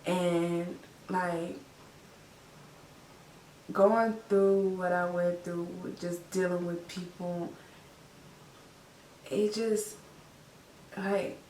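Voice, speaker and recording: Young woman vlogger, teary, heartfelt, slow, echoey room, a little off-mic. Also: fairly low pitch, fairly even intonation, warm tone, distant mic, a little hiss or hum. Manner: heartfelt, tearful, repeats herself with many fillers. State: teary, crying. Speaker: vlogger, new mother. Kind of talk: emotional personal story to camera.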